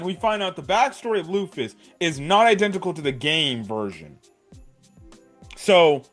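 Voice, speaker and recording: A man giving a casual, animated recap of an anime episode, swearing and saying "like" a lot. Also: a little high. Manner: animated, swears, many "like"s and "right?". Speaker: anime reviewer.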